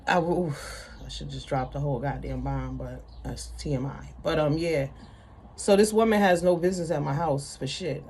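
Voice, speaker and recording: A woman's voice: low-pitched, breathy edge. A woman ranting bluntly to her viewers in an unscripted vlog, with heavy profanity, emphatic repetition. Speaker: vlogger.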